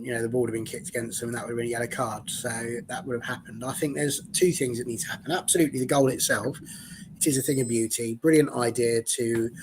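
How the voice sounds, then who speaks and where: A man's voice: medium pitch, slight background noise, poor audio. A man on a fan panel, talking football in a chatty, jokey way. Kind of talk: casual football discussion.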